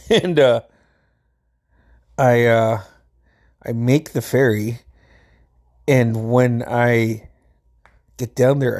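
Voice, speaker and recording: A man's voice: medium pitch, a little mellow. Man, middle-aged, casual storytelling, laid-back, swears a lot, chuckles. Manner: laid-back, swears freely, laughs while telling.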